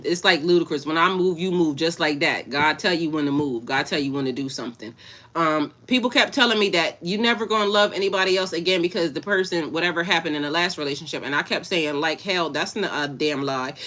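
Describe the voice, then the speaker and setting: Bright-voiced woman, blunt and laughing. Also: low-pitched. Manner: blunt, laughs often, swears freely. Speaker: spiritual coach. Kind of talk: casual livestream chat with viewers.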